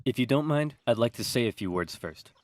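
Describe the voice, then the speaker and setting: A doomed king, indignant and increasingly frantic, tries to give his final speech in an animated history cartoon, as a man voices him. His pitch jumps high and strained as he protests. Music plays clearly behind him. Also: fairly quick, close to an everyday voice. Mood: dignified.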